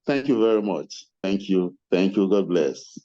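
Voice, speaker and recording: A man's voice: low voice, animated, warm tone. An older man gives earnest closing remarks as a webinar convener, speaking over a video call. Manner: earnest, measured, thanks attendees by name. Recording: muffled video-call audio.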